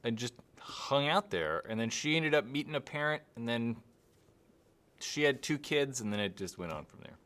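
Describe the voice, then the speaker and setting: A man's voice: mid-range voice, expressive, normal speed, a bit bright. A young man hosting a live stream and answering chat questions casually, rambling and hesitant, with many fillers.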